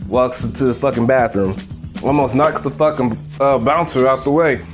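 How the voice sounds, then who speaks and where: A man's voice: mid-range voice, normal speed, faint music behind. A man hosting a casual home cooking demo, swearing freely and rambling into a joke while he cooks at the stove. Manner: profane, laid-back, rambling storyteller. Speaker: cooking show host.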